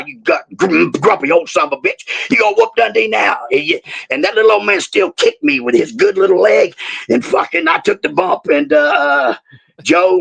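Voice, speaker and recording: Brief: older male storyteller, rowdy and profane, very gravelly voice, swings widely in pitch. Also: a bit bright. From born in Australia, raised in the United States. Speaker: guest, former wrestler.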